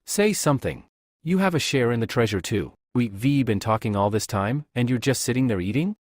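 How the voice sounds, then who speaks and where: A man's voice: mid-range voice, lively intonation, moderate pace, darkish tone, dry recording, studio quality, natural voice. A man voicing a blunt, commanding war leader in a manhwa recap. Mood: brisk.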